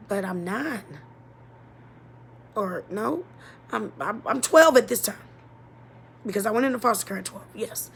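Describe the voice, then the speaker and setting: A woman telling a painful childhood story as a personal testimony, halting and emotional, often dropping to a near-whisper. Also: medium pitch, lively intonation, slight background noise. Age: adult.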